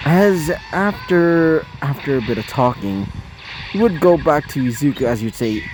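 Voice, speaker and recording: A man narrating a fan story off the cuff, halting with many fillers and restarts. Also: mid-range voice, expressive, a little mellow, rough recording.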